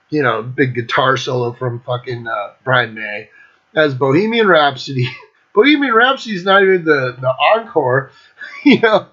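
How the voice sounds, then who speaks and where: A man's voice: a little high, pushed and bright. A man hosting his own music show, ranking albums in a casual monologue, blunt and enthusiastic, swearing constantly. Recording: dull lo-fi recording.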